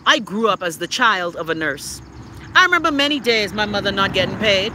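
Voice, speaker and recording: A Bahamian woman in her fifties with a Bahamian accent, hosting a casual livestream chat and ranting loudly with plenty of profanity, talking into a phone outdoors near traffic. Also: mid-range voice, fairly quick. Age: 50s. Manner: loud, profane, animated ranting. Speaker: livestream host.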